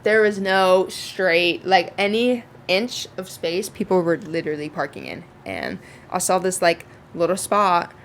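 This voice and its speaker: Chatty young woman with a gravelly edge. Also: lowish voice, expressive, measured pace, few pauses, slight background noise. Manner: chatty, swearing freely, lots of fillers. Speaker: vlogger. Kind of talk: casual storytime.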